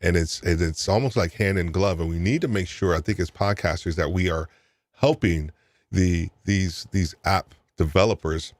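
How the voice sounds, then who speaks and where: A man's voice: sits low, normal speed, no echo. A man hosting an interview podcast, talking casually and rambling with many repeated words. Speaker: podcast host.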